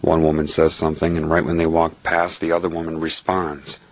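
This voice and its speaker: A man's voice: extremely low pitch, monotone, a little fast. A man giving an earnest spiritual monologue in the form of a personal story, explaining his points step by step and checking in with "right?".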